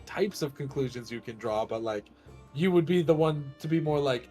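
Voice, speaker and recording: A man's voice: mid-range voice, moderate pace. A man bantering jokily during a casual let's play, often breaking into laughter. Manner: animated, jokey, breaks into laughter. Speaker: co-host. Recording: faint game music behind.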